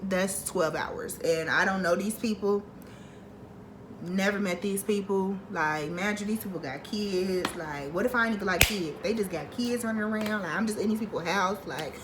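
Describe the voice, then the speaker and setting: Brief: young woman vlogger, storytime, bright sharp voice, profane, animated, worked-up delivery. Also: medium pitch, slight background noise, rough recording. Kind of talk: storytime vlog.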